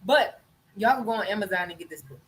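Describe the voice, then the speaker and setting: A woman from Louisiana, a podcast host, talks fast in a medium-pitched, slightly bright voice on poor audio. In a loose live-stream chat with viewers, she recommends a book she likes and swears freely.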